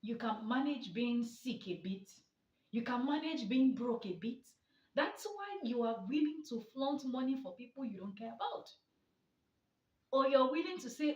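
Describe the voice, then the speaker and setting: A woman's voice: high-pitched, sing-song, moderate pace. A woman giving a motivational talk as a therapist, emphatic and rhetorical with mocking asides. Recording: echoey, distant, dull sound.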